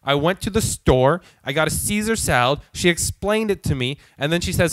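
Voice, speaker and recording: A man's voice: a little high, animated, moderate pace, dry recording. A man hosting his own show, telling a heated, profanity-filled comic story. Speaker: show host.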